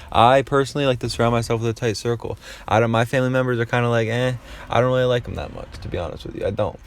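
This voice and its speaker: A man telling a casual storytime vlog. He rambles, swears freely and leans on fillers and restarts. His voice sits somewhat low. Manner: rambling, profane, lots of filler. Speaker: YouTuber.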